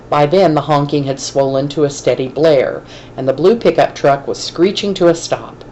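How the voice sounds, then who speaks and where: A woman teacher reading a novel aloud to her class in a steady, measured way. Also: low voice, slight background noise, rough recording.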